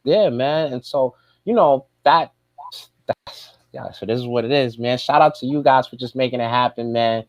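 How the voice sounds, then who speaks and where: A man's voice: mid-range voice, moderate pace, a little mellow, dry recording, lo-fi sound. Laid-back male guest, rambling casual chat, dry close recording. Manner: laid-back, rambling, lots of "man" and "you know".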